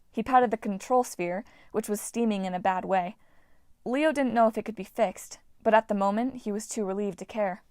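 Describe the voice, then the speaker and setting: A woman reading a fantasy novel aloud as an audiobook narrator, voicing characters in a lively way. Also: moderate pace, no echo. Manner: lively, voices characters with shouts. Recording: dry, low-quality home recording.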